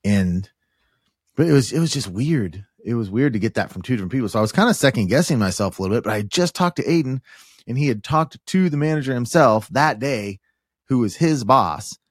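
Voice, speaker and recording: A man's voice: medium pitch, a little fast, husky, no room sound, studio quality. A man hosting a podcast, casually retelling a hunting trip and acting out both sides of each exchange, with frequent restarts. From Kansas. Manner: animated retelling with quoted dialogue and restarts. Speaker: podcast host. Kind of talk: casual storytelling.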